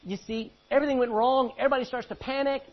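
A man preaching a sermon, reading scripture aloud and breaking into sudden loud outbursts. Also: very high-pitched, steady tone, fast talker. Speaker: pastor. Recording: muffled lo-fi recording.

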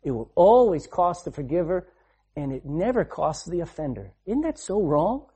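A man preaching a sermon, repeating phrases for emphasis and swinging between loud and hushed delivery. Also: fairly high pitch, big pitch swings, normal speed, slightly rough.

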